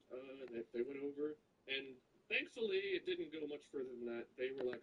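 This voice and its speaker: A man's voice: medium pitch, brisk. A man telling a long annoyed story in casual chat, imitating the people he quotes. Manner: animated, mimics people he quotes. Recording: noisy room mic from a distance.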